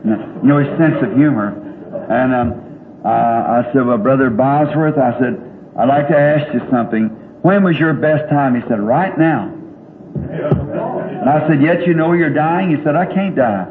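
Speaking at a measured pace in a medium pitch, an older man tells sermon stories in a rambling, folksy way, chuckling frequently. He's recorded in a large church hall; the audio is old and tinny, echoing, with faint hiss.

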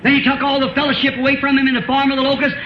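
A man's voice: very high voice, monotone, very fast, slight background noise. A man, preaching a sermon in a folksy way, asking rhetorical questions and chuckling often. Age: 50s. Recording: roomy, dull old sermon tape.

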